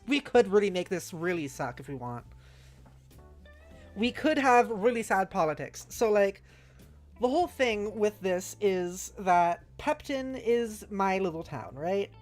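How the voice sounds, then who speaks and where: A woman's voice: mid-range voice, a little mellow. A woman streamer chatting casually, thinking aloud and rambling with fillers. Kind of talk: casual livestream chat.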